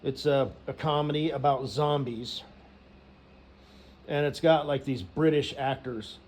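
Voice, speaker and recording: A man's voice: medium pitch, steady tone, unhurried, darkish tone, slight background noise. A man telling a rambling, profane story, filling it with "you know" and laughs. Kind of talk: rambling casual rant.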